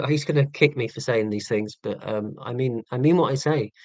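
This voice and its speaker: Here a Hampshire-accented Englishman in his forties talks casually to live-stream viewers at normal speed in a mid-range voice. He rambles and makes sarcastic jokes at his own expense, hesitating with many ums and restarts. The recording is rough but has no echo.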